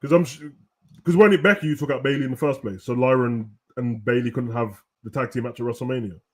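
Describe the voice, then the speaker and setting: A young man hosting a casual, animated wrestling rant full of slang, at times breaking into shouts. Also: mid-range voice, fast. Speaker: host. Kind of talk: casual ranting commentary.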